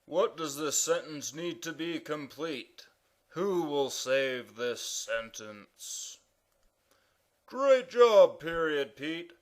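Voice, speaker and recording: Guy putting on a loud bossy cartoon king, highish voice, slow and proclaiming. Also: animated. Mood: commanding. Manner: booming proclamations. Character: pompous loud male king of punctuation. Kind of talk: animated cartoon voice acting.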